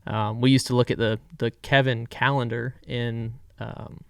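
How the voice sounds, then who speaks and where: A man in his thirties from Florida, a guest driver telling stories in a relaxed, candid way with frequent trailing pauses. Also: mid-range voice, gravelly, smooth, no room sound, studio quality. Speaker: guest race car driver. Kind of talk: casual storytelling.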